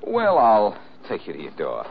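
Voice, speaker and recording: An actor playing a cool, wisecracking detective in 1940s radio acting style. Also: male voice, on the low side, wildly swooping pitch, moderate pace. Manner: dry, teasing wisecracks. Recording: dull old radio broadcast with faint hiss.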